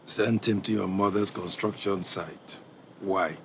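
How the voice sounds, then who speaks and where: A defiant department head in a Nigerian TV drama, with a very low, deep voice. He is blunt with his boss and throws in Pidgin proverbs. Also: steady tone, a little slow, slight background noise. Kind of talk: TV drama acting.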